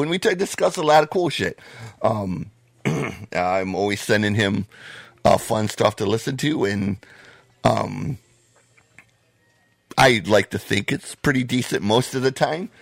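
An American man hosting a podcast in casual, profane chat, his voice hoarse and wearing out. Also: fairly low pitch, animated, measured pace, no echo. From United States. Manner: blunt, profane, laid-back. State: losing his voice. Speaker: podcast host.

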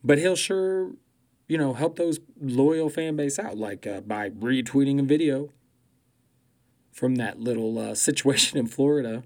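Man, comedian, profane political rant, loud mocking delivery, laughs at own jokes. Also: mid-range voice, unhurried.

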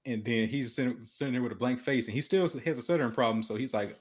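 A man's voice: medium pitch, fast, few pauses. A young man telling a story in casual talk, earnest and often restarting and repeating words, and he says he has a stutter. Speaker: podcast guest.

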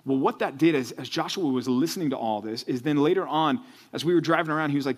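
A man preaching to students. He speaks earnestly, repeats words as he gets going and builds up to loud, fired-up emphasis. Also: fairly high pitch, fast talker. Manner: repeats words when excited. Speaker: youth pastor. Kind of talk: sermon to students.

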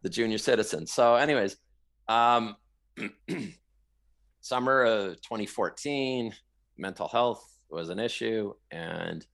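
Gravelly low-voiced man telling his story. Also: moderate pace. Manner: animated, repeats words, rambling asides. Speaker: guest. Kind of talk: casual storytelling interview.

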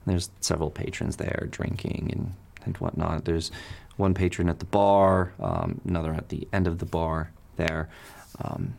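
A man running a tabletop game as game master, narrating in a halting way with many restarts. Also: deep voice, level tone, vocal fry, a little mellow.

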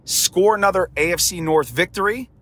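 A man's voice: sits high, normal speed, sharp tone. A man hosting a sports podcast on his own, his voice strained and damaged, talking in an emphatic, preachy way and repeating words for punch. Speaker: podcast host. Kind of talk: sports commentary podcast monologue.

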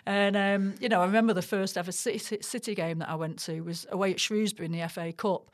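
A woman in her forties with a Mancunian accent, a podcast guest chatting casually and telling lively, self-deprecating stories. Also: medium pitch, fast. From Manchester, England. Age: 40s. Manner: chatty, animated storyteller with self-deprecating humour. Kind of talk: casual interview chat.

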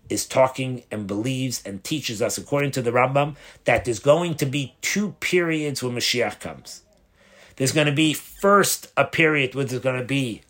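A rabbi giving a spoken Torah lesson, explaining step by step, posing questions and answering them, often restarting and rephrasing mid-sentence. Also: male voice, medium pitch, a bit bright. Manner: explanatory, asks and answers his own questions. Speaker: rabbi teaching a Torah class.

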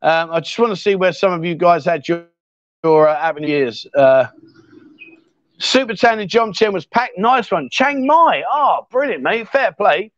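A man's voice: high voice, lively intonation, moderate pace, a bit bright, dry recording. A middle-aged English man hosting a live stream, chatting in a jokey, matey way as he reads out viewers' comments. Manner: chatty and jokey, full of mate and fair play. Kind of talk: casual live-stream chat reading comments. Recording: dry, slightly dull sound.

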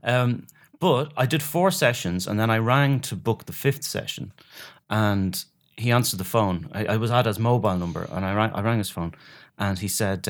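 A man's voice: lowish voice, moderate pace. A middle-aged man from Ireland, a guest comedian telling stories in a rambling, self-deprecating way with many restarts. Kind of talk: casual chat.

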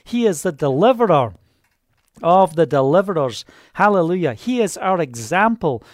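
Fervent high-voiced male preacher. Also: big pitch swings, moderate pace, no echo, studio quality. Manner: fervent, proclaiming, breaks into hallelujahs. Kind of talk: charismatic sermon and prayer. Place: Israel.

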